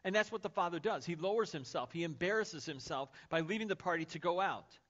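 A man's voice: fairly high pitch, expressive, brisk, fairly bright tone. A male pastor preaching a sermon in a casual, conversational way, speaking to the congregation. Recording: dull lo-fi sermon recording.

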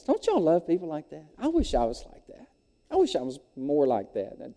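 A man, preaching a sermon in a folksy, animated storytelling way. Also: on the high side, brisk, in a large hall. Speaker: pastor. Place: church sanctuary.

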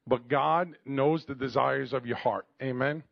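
A middle-aged man preaching, telling a story in an animated, joking way and calling for amens. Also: medium pitch, unhurried, gravelly, no echo, highs cut off. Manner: animated, jokey, calls for amens. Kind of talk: storytelling sermon.

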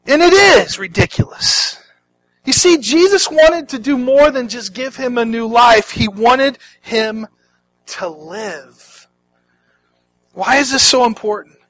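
Male pastor, sermon, dramatic delivery, high voice. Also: slow, poor audio. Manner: dramatic, swings from hushed to loud.

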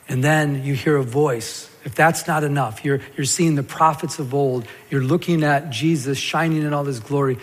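A man preaching a sermon as a pastor, telling the scripture story in a lively way and acting out the stammering parts. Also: medium pitch, slightly rough. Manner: animated storytelling, acts out Peter's stammer. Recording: long hall reverb.

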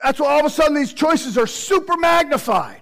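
A man preaching a sermon with animated delivery, acting out the voices he quotes. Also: very high voice, a little fast, low-quality recording.

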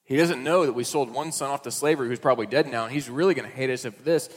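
A male pastor preaching a sermon, mid-pitched, telling the story in a loose, conversational way with casual asides. His voice carries a long reverb from a large hall. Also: quick pace.

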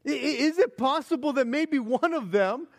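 High-voiced male preacher, animated storytelling. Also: moderate pace, gravelly. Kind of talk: sermon.

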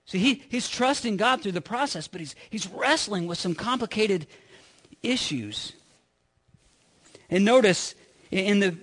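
A man preaching a sermon in an earnest way, often repeating his words and swinging from loud to hushed. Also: high voice.

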